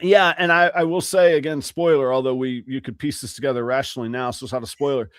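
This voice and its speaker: A man co-hosting a podcast, telling stories in an animated, rambling way during casual chat. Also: medium pitch, quick pace, no echo, studio quality. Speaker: podcast co-host.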